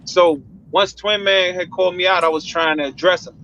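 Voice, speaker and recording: A man's voice: sits high, fairly even intonation, normal speed, sharp tone. A man on a panel call, earnestly explaining and defending himself. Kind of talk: heated panel discussion. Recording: dull lo-fi call audio.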